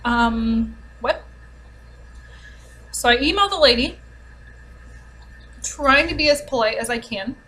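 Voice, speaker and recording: A woman telling a frustrating everyday story in a casual vlog, exasperated and sarcastic, talking fast in bursts. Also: a little high, animated, fairly bright tone, a little hiss or hum, rough recording. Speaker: vlogger. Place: home, with a dog nearby.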